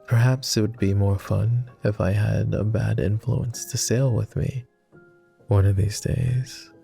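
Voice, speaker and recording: A man playing a posh gravelly vampire, whispered role-play. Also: fairly even intonation, faint music behind. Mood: wistful. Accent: posh British. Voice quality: low, gravelly and soft. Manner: slow, gentle and teasing. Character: jaded immortal male vampire, tender and teasing.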